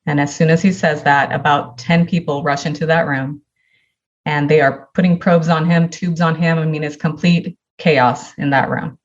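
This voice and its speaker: A woman's voice: deep voice, fairly even intonation, moderate pace, dull audio. A woman, a podcast guest, earnestly telling a personal story and acting out the dialogue in it.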